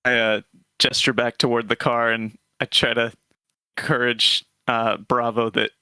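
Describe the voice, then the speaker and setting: A man's voice: medium pitch, level tone, measured pace, bright, forceful tone, smooth, dry recording. A man playing a tabletop game, describing his moves in a casual, hesitant way. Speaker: player. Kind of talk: tabletop role-play chat.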